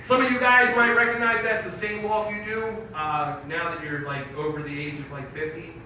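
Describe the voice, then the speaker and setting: A man in his thirties doing a stand-up comedy set on a theater stage, loud and animated, acting out crude bits. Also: sits high, moderate pace. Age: 30s. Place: live theater stage with audience. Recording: echoey far-off live hall, noisy.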